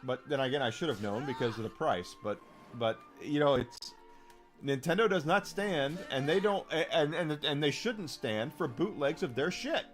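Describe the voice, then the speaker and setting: Over faint background music, a man with a fairly high, expressive voice talks at a normal speed. He's streaming a game and ranting casually to his chat, emphatic and profane, repeating phrases for stress.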